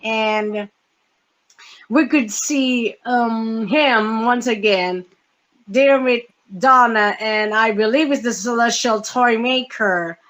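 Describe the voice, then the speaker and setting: A woman hosting a casual fan podcast, talking in a halting way with many fillers and restarts. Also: on the high side, fairly bright tone, poor audio. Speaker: podcast host.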